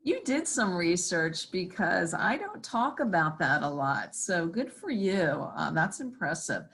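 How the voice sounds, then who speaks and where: A woman's voice: fairly low pitch, very animated, a little slow, fairly bright tone. A middle-aged woman, a state senator, answering student interview questions earnestly with frequent fillers.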